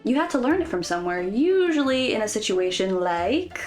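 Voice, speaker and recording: A woman's voice: on the high side, animated, normal speed, over music. A woman vlogger giving casual, playful commentary with jokes and asides. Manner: playful, jokey, conversational.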